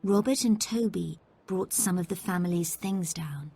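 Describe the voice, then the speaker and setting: A woman narrating a story for English learners, reading slowly and carefully. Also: fairly low pitch, dark tone. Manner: slow, careful, clear reading.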